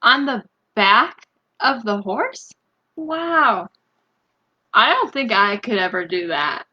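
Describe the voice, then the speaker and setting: Slow gentle woman reading a picture book. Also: medium pitch, big pitch swings, dull audio. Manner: slow, gentle, asks the young listeners questions; bursts into loud animal noises. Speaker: storytime reader.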